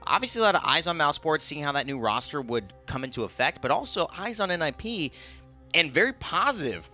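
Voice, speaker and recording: A young man calls an esports match from a studio booth. His voice is bright and forceful, and he talks in a chatty, jokey, analytical way. Faint music plays behind him. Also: fairly high pitch, very animated, brisk. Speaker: esports caster. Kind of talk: play-by-play commentary.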